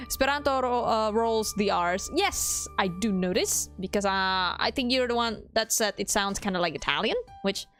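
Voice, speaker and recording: A woman's voice: medium pitch, lively intonation, unhurried, a bit bright, faint music behind. A woman streaming a visual novel, chatting casually, swearing freely, laughing often and nerding out about languages. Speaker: game streamer. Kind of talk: casual live gaming commentary.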